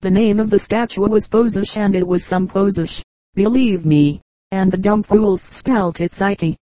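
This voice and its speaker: A woman's voice: mid-range voice, a little slow, warm tone, no room sound, lightly acted, low-quality recording. Woman doing a brash grumbling tourist man. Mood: disgusted. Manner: disgusted grumbling. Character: boastful brash male tourist.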